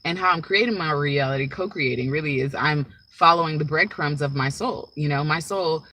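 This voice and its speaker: A woman's voice: deep voice, brisk, pushed and bright, poor audio. A woman speaking as a spiritual teacher in a casual, rambling monologue, often checking in with "right?" and "like".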